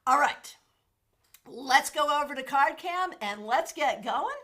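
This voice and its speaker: A woman hosting a casual livestream, chatting with her viewers and thanking them by name. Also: slow pace. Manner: animated, with sudden jumps in pitch and loudness. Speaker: tarot reader and livestream host.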